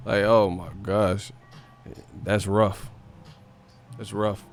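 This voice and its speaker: A man's voice: fairly low pitch, little pitch movement, very slow, gravelly, long pauses, faint music behind. A young man, hosting a casual live stream and talking in a slangy, profane way. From Northern California. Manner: slangy and profane, mocks with put-on voices and laughter.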